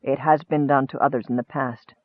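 A man's voice: fairly even intonation, a little fast, no room sound, close to an everyday voice. A man as a shy, humble young cleric. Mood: subdued. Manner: low, hesitant, subdued. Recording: dry, phone-like narrow sound.

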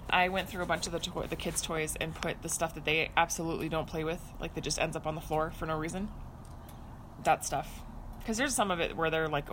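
A woman with a fairly low voice, chatting in a breezy, teasing way. She sits outdoors on a porch swing, with a faint wash of ambient noise. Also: a bit bright. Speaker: podcast co-host. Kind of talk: casual chat.

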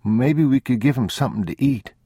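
A male audiobook reader voicing a gentle young boy who talks in a soft, earnest, pleading way. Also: medium pitch, brisk, husky, dry recording, clean studio sound, pitched above the performer's own voice, lightly acted.

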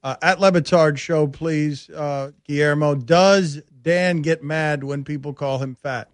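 A man hosting a sports radio show in a studio, ranting and teasing in an animated, sarcastic way. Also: fairly high pitch, measured pace, dry recording. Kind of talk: casual sports talk radio. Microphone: studio microphone.

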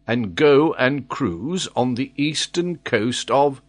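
A man with a husky voice reading the lines of a faithful old sailor who answers calmly and plainly, in an audiobook. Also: mid-range voice, takes it slowly, voice pushed up. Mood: puzzled. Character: faithful old male ship's sailor, bewildered.

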